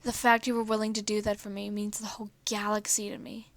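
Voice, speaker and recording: A woman voicing an anxious, devoted teenage male mutant turtle, speaking quietly and pleadingly in a fan story reading. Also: mid-range voice, flat delivery, fast, no echo, close to an everyday voice.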